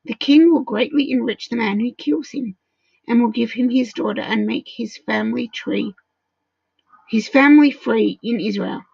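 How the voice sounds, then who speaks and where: A woman teaching a Bible study in a casual way, walking through verses and explaining them with frequent pauses and ums. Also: on the high side, creaky, husky, dry recording, muffled recording.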